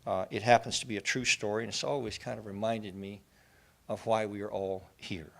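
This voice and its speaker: A man's voice: on the low side, fairly even intonation, a little fast, vocal fry. A man giving an inspirational faith talk, an earnest storyteller who builds to passionate lists. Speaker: speaker at a faith gathering.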